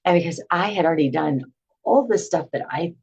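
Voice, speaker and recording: Chatty middle-aged woman, lowish husky voice, tells her own story with plenty of likes and you-knows. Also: brisk, low-quality recording. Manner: chatty and animated, with filler words and laughs. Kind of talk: casual storytelling to camera.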